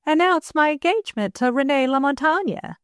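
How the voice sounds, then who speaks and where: A woman voices a nervous young daughter, pleading earnestly in a high voice pitched above her own natural one, lightly acted. She speaks at normal speed in a studio-quality recording with no room sound.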